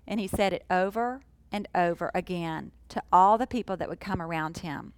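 A woman teaching a sermon in an earnest, emphatic way, slowing down to stress key phrases. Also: fairly low pitch, smooth, no echo, low-quality recording. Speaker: Bible teacher.

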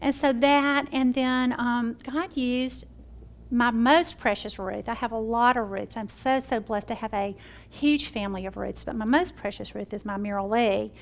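A woman's voice: a little high, normal speed. A middle-aged woman, telling a faith story and leading a prayer in a devotional teaching. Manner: warm storytelling, shifts between excited and hushed. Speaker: Bible study teacher.

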